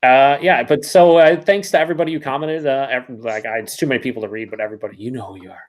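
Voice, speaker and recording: A man's voice: mid-range voice, fast. A man co-hosting a casual beer live stream, joking and swearing as he reads viewer comments aloud.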